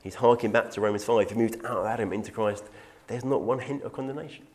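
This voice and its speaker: A man's voice: medium pitch, quick pace, darkish tone. A man teaching through a Bible passage in an earnest, emphatic way, quoting scripture and taking questions. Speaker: preacher.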